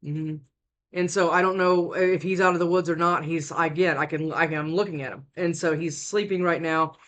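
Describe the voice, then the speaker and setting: A tarot reader, worn out from lack of sleep, gives a casual reading at home into a close desk mic. Her voice sits low with a steady tone at normal speed, and she rambles with many restarts.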